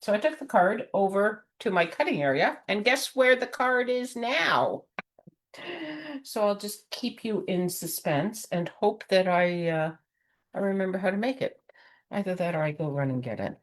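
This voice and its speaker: A woman's voice: medium pitch, animated, moderate pace. A woman giving a rambling, friendly card-making tutorial, full of fillers and chuckles. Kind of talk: chatty craft tutorial.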